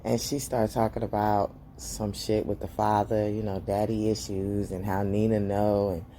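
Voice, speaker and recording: A woman giving a casual, gossipy recap of a TV episode to her viewers. She is animated and acts out the characters' lines in high voices. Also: moderate pace, slight background noise. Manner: chatty, gossipy, talks straight to viewers as "girl". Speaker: show recap host.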